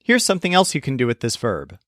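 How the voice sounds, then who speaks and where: A man narrating a scripted language lesson, explaining clearly and slowing down to model example phrases. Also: medium pitch, wildly swooping pitch, a bit bright, dry recording, clean studio sound. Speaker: language teacher.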